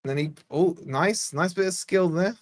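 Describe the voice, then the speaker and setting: A young man from Scotland hosting a live fan watch-along, giving exasperated, chatty play-by-play and reading out viewer shout-outs. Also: sits high, normal speed. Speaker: fan channel host.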